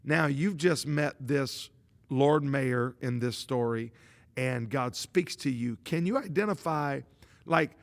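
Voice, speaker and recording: A man hosting a podcast, asking slow, probing questions of his guest. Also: mid-range voice. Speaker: podcast host. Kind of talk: interview questions. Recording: long room reverb.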